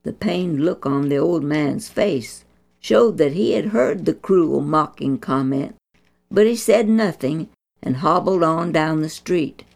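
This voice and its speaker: A woman narrating a children's Bible story in a gentle, deliberate, instructive way. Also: deep voice, lively intonation, vocal fry.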